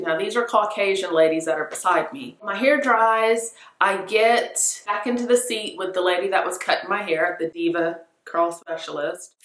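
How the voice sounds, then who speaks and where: A woman's voice: mid-range voice, reverberant. A young woman vlogger casually telling a story to camera, acting out the voices of the people in it. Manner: animated, acts out quoted voices.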